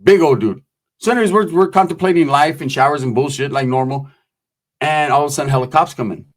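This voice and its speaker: A man with a slightly high voice talks fast, telling prison stories in casual, profane street talk. He acts out the voices of the people in them, keeping it loose like casual storytelling.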